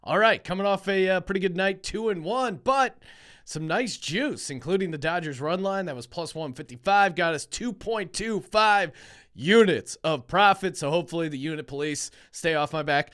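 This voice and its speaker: Chatty high-voiced podcast host man. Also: animated, normal speed, a bit bright. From Philadelphia, USA. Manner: chatty, joking, full of restarts. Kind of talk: casual sports-betting podcast chat.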